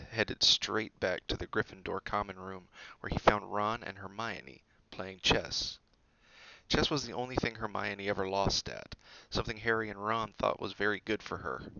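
Gravelly, bright-toned male storybook reader. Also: lowish voice, dull audio. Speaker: audiobook reader. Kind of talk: storybook narration.

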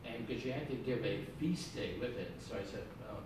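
An older monk telling stories from his life in a casual, halting way, with fillers and laughs. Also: medium pitch. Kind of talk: casual storytelling. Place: room in an abbey building. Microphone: live-stream camera at a distance. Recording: echoey room, distant mic, noisy.

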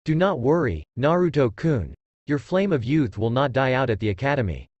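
Passionate ninja teacher voiced by a man, encouraging, lively pitch. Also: moderate pace, husky, no room sound, highs cut off.

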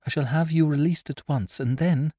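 A man voicing an earnest, anxious young woman with a soft, breaking voice, in a storybook reading. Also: fairly high pitch, normal speed, no echo, studio quality, pitched above the performer's own voice, lightly acted.

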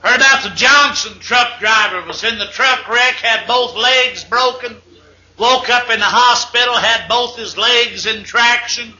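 A man's voice: extremely high pitch, measured pace, pushed and bright, echoey room, lo-fi sound. A man telling jokes in a folksy, drawling storyteller's manner, on a hissy 8-track tape recording. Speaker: comedian. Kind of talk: stand-up joke telling.

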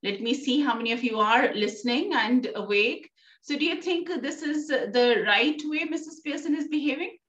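Woman teacher with an Indian English accent, fairly high voice, coaxing, heard far from the mic in a roomy space. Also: moderate pace, a bit bright. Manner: coaxing, checks with "right?" often. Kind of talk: classroom lesson explaining a play. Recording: distant, roomy, dull sound.

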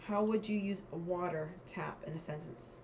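A woman's voice: on the low side, normal speed, muffled recording, noisy background. Chatty young woman musing aloud. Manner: chatty, thinking aloud, reads questions then muses. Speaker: vlogger. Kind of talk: casual quiz commentary.

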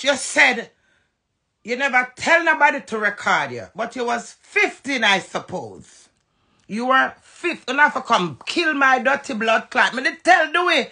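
A woman's voice: high-pitched, big pitch swings, vocal fry, sharp tone, breathy edge. A Jamaican woman ranting heatedly and profanely on a phone live stream. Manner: heated, profane, fast-switching rant.

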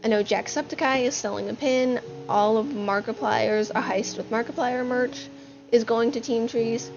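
Breathless female gaming host, a bit high, chatty, dull recording. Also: steady tone, moderate pace. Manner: chatty, upbeat, with fillers. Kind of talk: casual gaming narration. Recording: dull lo-fi sound with music behind. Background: music.

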